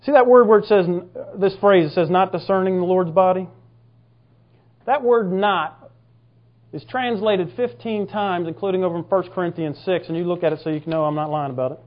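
A man preaching a fervent, emphatic sermon, now and then bursting into shouts. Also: high voice, moderate pace, long pauses, lo-fi sound. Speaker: pastor.

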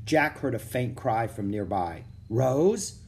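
A man's voice: mid-range voice, normal speed, slight background noise. Man narrating a children's audiobook. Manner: steady storytelling.

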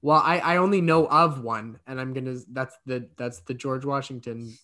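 A man's voice: mid-range voice, moderate pace, sharp tone. A man hosting a comedy podcast, rambling with many stammers and restarts. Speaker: podcast host. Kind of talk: improvised comedy chat.

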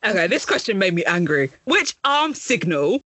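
A woman's voice: medium pitch, big pitch swings, normal speed, pushed and bright, slightly rough, dry recording. A young woman, co-hosting a podcast and quizzing her friends in an exasperated, casual way. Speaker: podcast co-host. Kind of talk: casual chat.

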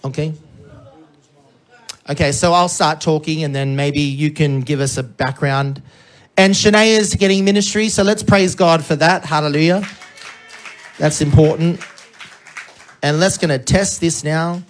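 An energetic preacher delivering a sermon who keeps checking in with the congregation. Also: mid-range voice, measured pace, long pauses. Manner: energetic, checks in with frequent "okay?".

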